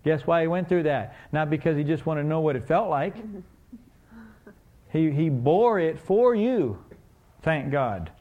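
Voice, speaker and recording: A man's voice: on the high side, expressive, a little slow, pauses often, narrow, tinny audio. A man preaching a sermon, telling a story and asking the congregation questions in a conversational way.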